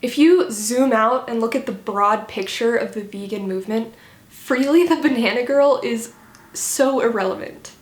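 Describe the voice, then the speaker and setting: A woman's voice: on the high side, normal speed, roomy sound. A woman delivering a critical, sarcastic video commentary. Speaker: commentary vlogger.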